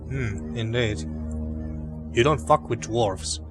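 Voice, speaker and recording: Homme commentant un jeu, pensée à voix haute. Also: male voice, mid-range voice, slow pace. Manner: rambling, thinking aloud with restarts. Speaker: let's play host. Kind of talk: casual gameplay commentary. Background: game music.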